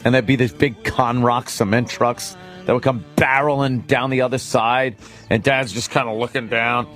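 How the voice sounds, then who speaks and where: A man co-hosting a talk radio show, spinning a story in a lively, profane way. His voice sits mid-range. He laughs into his own lines. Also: medium pitch, normal speed, faint music behind. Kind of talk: casual storytelling.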